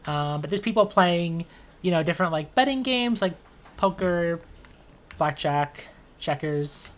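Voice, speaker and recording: Woman game master, lowish voice. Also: unhurried. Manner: relaxed, rambling description with fillers. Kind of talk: narrating a tabletop game.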